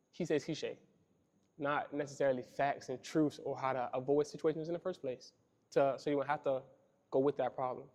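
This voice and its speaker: Young guy on a podcast, earnest and casual, says bro a lot, mid-pitched voice. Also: darkish tone. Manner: earnest, repeats himself, casual slang like "bro". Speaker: podcast host. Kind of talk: reflective monologue on men's feelings.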